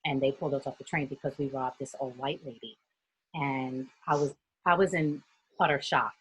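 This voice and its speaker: A woman from New York, a youth mentor, telling a personal story in an earnest, steady way during a group discussion on a video call. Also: extremely low pitch, normal speed, husky, poor audio.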